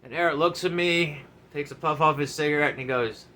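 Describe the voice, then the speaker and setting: A man, a former enlisted soldier, telling a story from his service days in a casual, animated, profane way. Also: on the high side, moderate pace, hardly any pauses.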